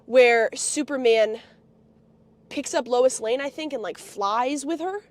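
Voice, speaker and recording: A woman with a strikingly high, piercing voice launches into a foul-mouthed rant, swinging between storytelling and angry shouting. Her voice sits dry and close to the mic, with no room sound around it. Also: slow, no echo. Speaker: guest on a live stream. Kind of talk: profane ranting rant-story.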